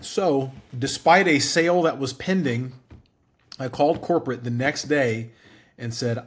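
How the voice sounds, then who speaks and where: A man's voice: mid-range voice, moderate pace. Candid storytelling man in his forties. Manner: candid, animated storyteller who acts out quoted dialogue. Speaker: interview guest, entrepreneur. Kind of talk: casual storytelling interview.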